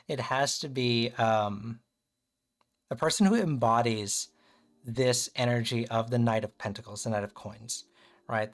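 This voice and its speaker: A man giving a casual tarot reading on a livestream, talking loosely and checking in with listeners. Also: medium pitch. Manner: loose and chatty, peppered with "kind of" and "right?". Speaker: tarot reader and streamer.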